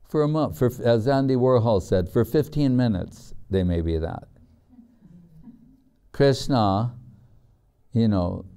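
An older man preaching slowly and at length. His voice is deep-toned, very dark, and smooth. He tells stories and loosely acts out the people in them. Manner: storytelling, frequent "you know", acts out quoted voices. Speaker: spiritual teacher. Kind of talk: sermon lecture.

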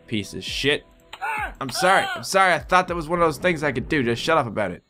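A man giving excitable let's play commentary as he plays, swearing and yelling at his patients in a surgery game. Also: a little high, fast, over music. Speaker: gaming video host.

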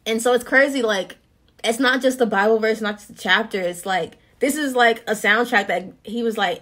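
A young woman giving casual, earnest faith encouragement in a vlog, with slang and a lively way of talking. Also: on the high side, normal speed.

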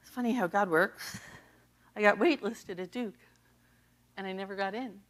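This associate pastor, a middle-aged woman from the US East Coast, recounts her personal testimony in a sermon at medium pitch and moderate pace. Her telling is animated, with frequent laughter.

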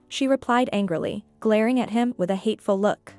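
A woman reading a scripted story aloud as narrator, steady and even. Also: medium pitch, a little fast, few pauses. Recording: faint background music.

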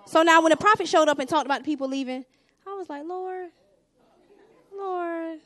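A young woman preaching a sermon with a Southern US accent, swinging between hushed asides and loud exhortation. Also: high-pitched, very fast, no echo, a faint crowd.

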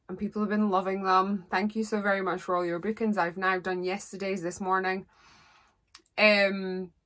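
A woman's voice: medium pitch, bright, forceful tone. A woman giving a rambling, heartfelt tarot reading as a psychic. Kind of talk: solo tarot reading monologue.

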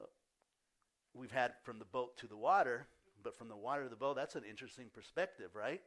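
An older pastor giving a sermon, telling stories and acting out the voices of the people in them. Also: male voice, medium pitch, fairly bright tone. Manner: storytelling, acts out voices of people in the story. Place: church.

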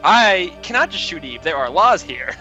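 A woman's voice: fairly low pitch, very animated, normal speed, bright, forceful tone, lo-fi sound, faint music behind. A woman playing through a game and reading its lines, with sarcastic, swearing banter. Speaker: player. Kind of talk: casual let's-play banter.

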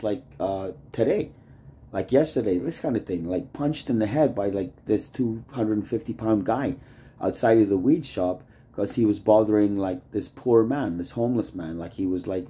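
A man talking straight to camera in a loose, rambling vlog, leaning on "like" over and over and often trailing off quieter mid-thought. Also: on the low side. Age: adult, married. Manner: rambling, loose, leans on "like" constantly. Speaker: vlogger. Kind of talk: casual rambling vlog monologue.

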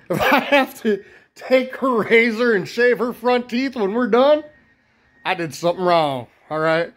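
A man's voice: extremely high pitch, lively intonation, a little slow, fairly bright tone. Rowdy profane male vlogger. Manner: rowdy, profane, rambling storytelling. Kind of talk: crude comedic rant to camera.

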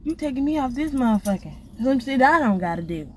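Vlogger, woman, profane, fiery rant, higher-pitched, faint room hiss. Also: quick pace. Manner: blunt, profane, animated ranting. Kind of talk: casual rant to camera.

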